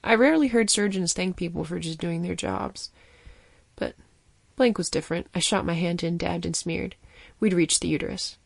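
Low gravelly woman narrating a story. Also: normal speed, dry recording. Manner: steady, vivid storytelling. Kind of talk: scripted narration of a fiction story.

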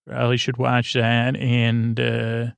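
A man hosting a podcast, loosely retelling a TV episode in a rambling, halting way with many fillers and jokey paraphrases. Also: medium pitch, completely flat delivery, creaky, clear, resonant tone, no room sound. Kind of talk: soft-spoken bedtime recap.

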